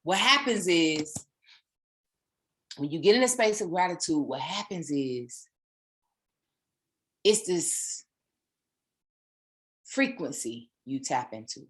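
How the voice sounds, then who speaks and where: Her voice sits low as this spiritual teacher offers a sermon-like motivational talk, casual and animated, built around repeated phrases.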